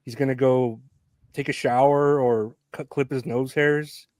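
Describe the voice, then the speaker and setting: A man co-hosting a podcast, casually recapping a film with frequent laughs and halting restarts. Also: medium pitch, steady tone, a little mellow, dry recording, studio quality. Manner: laid-back, laughs often, halting restarts. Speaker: podcast co-host.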